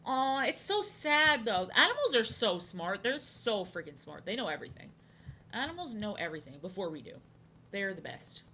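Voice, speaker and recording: A woman's voice: medium pitch, wildly swooping pitch, a little fast, bright, forceful tone, slight background noise. A young woman streaming from home, rambling and joking as she draws, often repeating herself. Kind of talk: casual chat while drawing. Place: home, indoors.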